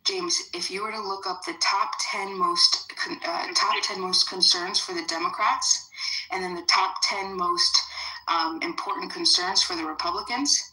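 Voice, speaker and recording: Woman, lowish voice, bright tone, echoey room, hesitant restarts, polite. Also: normal speed. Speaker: panelist on a call-in show. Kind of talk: heated live debate.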